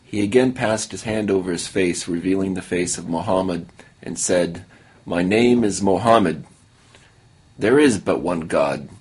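A man reading a short story aloud in a measured, solemn way. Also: low-pitched, darkish tone, slightly rough. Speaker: story contributor.

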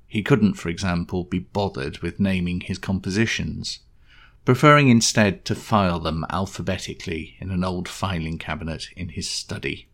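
Man, wry story reading, deep voice, gravelly. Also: moderate pace, a bit bright. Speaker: story contributor. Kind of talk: reading his own short story.

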